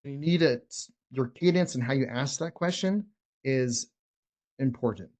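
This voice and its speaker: A man's voice: medium pitch, a little slow, darkish tone. A man coaching sales negotiation in a casual teaching talk, blunt and emphatic, often restarting his words. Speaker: real estate wholesaling coach.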